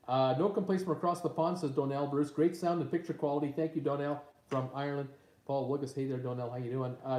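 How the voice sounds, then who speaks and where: A man with a fairly high, darkish-toned voice hosts a casual live stream from home on his tablet. He reads viewer comments aloud, filling the gaps with plenty of uhs and ums. The tablet's mic picks him up in an echoey room.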